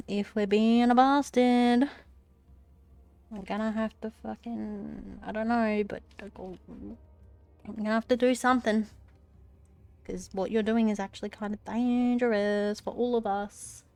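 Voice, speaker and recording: A woman's voice: mid-range voice, fairly even intonation, a little slow, vocal fry, a little mellow, no echo, faint music behind. A woman live-streaming while she crochets, chatting casually, swearing at her cat and often dropping to a whisper, a little phlegmy.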